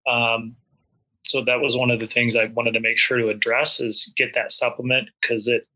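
Man, very bright tense voice, casual rambling chat, dull lo-fi recording. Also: mid-range voice, level tone, moderate pace. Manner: rambling, many likes and restarts.

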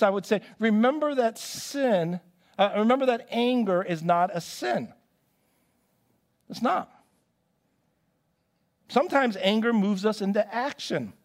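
High-voiced male pastor preaching. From United States. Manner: storytelling with acted-out quotes and repeated restarts. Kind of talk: sermon. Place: church.

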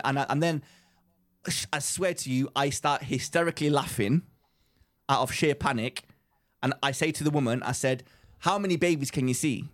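A young man co-hosting a podcast, an excitable storyteller who laughs often while chatting casually. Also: a little high, a little fast. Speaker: podcast co-host. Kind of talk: casual chat.

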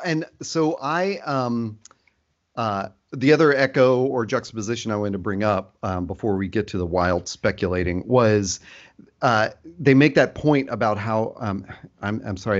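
Lower-voiced man in relaxed chat. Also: muffled recording. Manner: relaxed, many fillers. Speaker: podcast co-host. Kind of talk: casual chat.

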